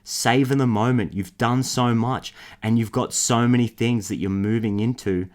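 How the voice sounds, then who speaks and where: Excitable man doing a tarot reading. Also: medium pitch, normal speed. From Australia. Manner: enthusiastic, affectionate, rambling. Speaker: tarot reader.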